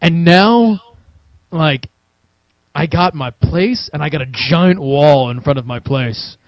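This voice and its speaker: Animated, foul-mouthed man telling a story. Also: fairly high pitch, slow, no echo. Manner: animated and profane, acting out his own reactions. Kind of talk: casual storytelling chat. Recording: dull, dry lo-fi recording.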